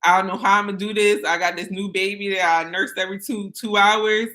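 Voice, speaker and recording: Woman guest, earnest, candid, bright forceful voice, mid pitch. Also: fairly even intonation, a little fast, rough recording. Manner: earnest and candid, casual speech with fillers. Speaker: interview guest, business owner. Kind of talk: personal storytelling in conversation.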